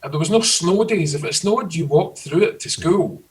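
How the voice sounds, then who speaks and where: A middle-aged Scottish man chatting casually, telling lively stories about his childhood. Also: on the high side, moderate pace, far from the mic, rough recording. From Scotland. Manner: storytelling, animated. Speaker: guest. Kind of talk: casual chat.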